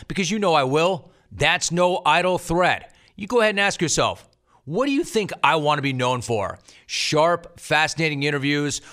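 A man's voice: on the high side, fairly bright tone. Mocking male sports podcast host. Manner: mocking, theatrical threats. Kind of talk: scripted segment intro.

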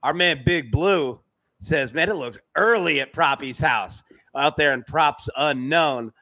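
Host, male, bright and forward tone, casual filler-heavy sports chat. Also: on the high side, unhurried. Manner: loose, filler-heavy, reads chat comments aloud. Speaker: podcast host.

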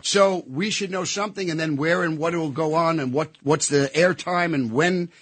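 A man talks with a lot of emphasis in a casual interview, often circling back over the same words. His voice sits a bit high for a man. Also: moderate pace, fairly bright tone, dry recording. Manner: emphatic, repetitive storyteller. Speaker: actor and guest.

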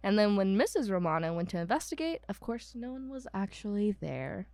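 A woman's voice: medium pitch, sing-song, a little fast, darkish tone, no room sound. Chatty woman, dry close sound. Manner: chatty storyteller, many "um"s and asides, mock voices for quoted people. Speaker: podcast co-host. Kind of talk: casual chat about a haunted house.

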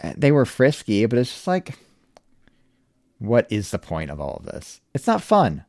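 A man's voice: mid-range voice, wildly swooping pitch, normal speed, a little mellow, no room sound, studio quality. A man hosting a casual podcast, laid-back and wry, laughing often and swearing casually. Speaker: podcast host.

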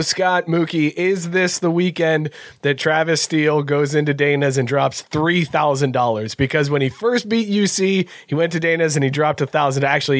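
A man's voice: a little high, no echo, clean studio sound. A man hosting a casual sports chat, chatty and steering the topics with easy laughs. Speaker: host.

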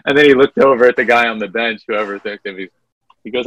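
A man co-hosting a casual sports podcast, retelling anecdotes in an animated storytelling way. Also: medium pitch, quick pace, dry recording, dull audio. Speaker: podcast co-host.

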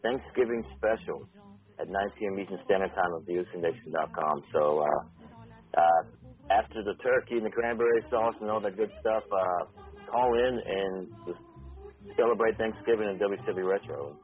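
A man co-hosting a podcast, plugging his shows in a relaxed, halting way with many fillers. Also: low voice, slightly rough. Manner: laid-back, halting, with fillers. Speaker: co-host. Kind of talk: casual promo chat. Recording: tinny phone-like sound.

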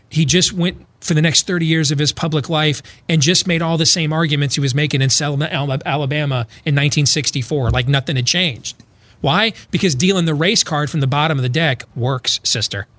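A male talk show host, sarcastically paraphrasing others in comedic political talk with sudden put-on voices. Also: fairly bright tone. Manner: sarcastic, mocking paraphrase with sudden high impressions.

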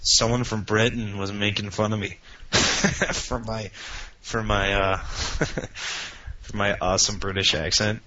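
A man's voice: lowish voice, sharp tone, recorded from a distance. A young man joking and bantering with a friend in casual chat, heard muffled and set back from the microphone. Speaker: gamer co-host.

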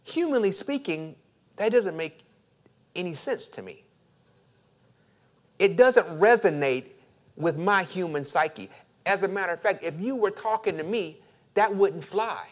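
A man's voice: sits high, a little slow, pauses often. A man preaching a sermon, reading scripture aloud and joking as he acts out the voices of the story. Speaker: pastor.

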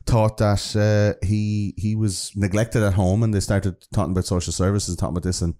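Low, mellow Irish man chatting. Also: level tone, moderate pace. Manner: loose, sweary, storytelling. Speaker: podcast co-host. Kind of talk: casual true-crime chat.

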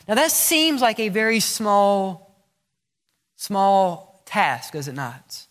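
A male pastor preaching a sermon. He asks the congregation questions, answers them himself, and acts out short prayers and replies. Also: sits high. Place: church sanctuary. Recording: echoey church sanctuary with long reverb.

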